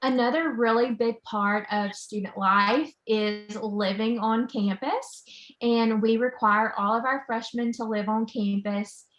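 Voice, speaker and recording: A woman's voice: on the high side, fairly even intonation, measured pace, a bit bright, highs cut off. A woman who works as a college admissions counselor, giving an upbeat, enthusiastic presentation over a video call with the odd "um" along the way. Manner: upbeat and enthusiastic, with frequent "um" fillers. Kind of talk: informational presentation. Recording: echoey room.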